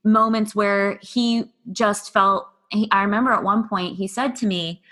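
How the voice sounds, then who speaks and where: A woman's voice: mid-range voice, fairly even intonation, a little slow, a bit bright. A woman, a podcast guest, speaking candidly and bluntly about her own hard experiences, swearing freely and quoting past conversations. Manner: raw, blunt, swears freely, quotes herself and others.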